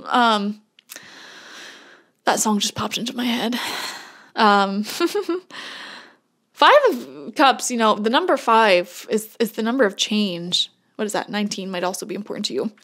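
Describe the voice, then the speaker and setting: A woman's voice: mid-range voice, normal speed, fairly bright tone. A woman giving a casual tarot reading to camera, talking earnestly and bluntly, with frequent laughs. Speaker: tarot reader.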